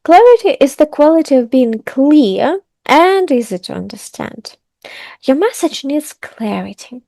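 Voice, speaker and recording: Upbeat high-voiced woman teacher. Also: a little slow, no echo. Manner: upbeat, lively, stresses key words. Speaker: English teacher. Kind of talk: online English lesson.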